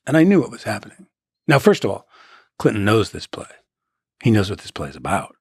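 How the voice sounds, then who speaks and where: A man's voice: fairly low pitch, sing-song, fairly quick, gravelly, long pauses, a little mellow, husky, dry recording, clean studio sound. A man in his sixties, a guest actor in a conversational interview, reflective and given to anecdotes.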